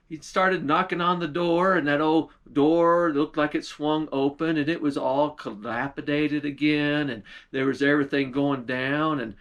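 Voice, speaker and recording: A man telling a folktale in an unhurried, homespun way. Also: a little high, a bit bright. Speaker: storyteller. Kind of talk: folktale storytelling.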